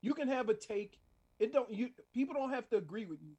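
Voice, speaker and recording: A man's voice: very high voice, expressive, a little fast, mellow, husky, lo-fi sound. Easygoing man. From Louisiana. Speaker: former football player, guest. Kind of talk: casual radio chat.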